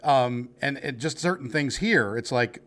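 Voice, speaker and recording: A male host with a New York accent chats loosely and opinionatedly over a remote call. His voice sits at an ordinary middle pitch. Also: unhurried, fairly bright tone. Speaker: show host. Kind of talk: casual interview chat.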